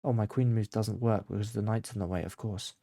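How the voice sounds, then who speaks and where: A man's voice: fairly low pitch, steady tone, a little fast, creaky, no echo. Man muttering chess moves, dry sound. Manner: mutters moves to himself, swings between quiet focus and flustered panic. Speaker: chess content creator. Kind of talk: thinking aloud while playing blindfold chess.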